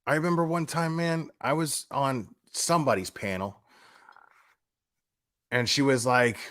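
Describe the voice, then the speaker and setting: A man's voice: mid-range voice, unhurried, fairly bright tone, dry recording, studio quality. Blunt, profane man ranting on a live stream. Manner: blunt, profane, heated and mocking; repeats and restarts words often. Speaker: YouTube commentary streamer. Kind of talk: casual live-stream commentary.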